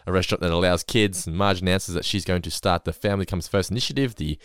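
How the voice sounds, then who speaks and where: A man co-hosting a podcast, chatting casually and getting animated, swearing when he's worked up. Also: low voice, fast talker, smooth, no echo, clean studio sound. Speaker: podcast co-host. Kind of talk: casual chat recapping an episode.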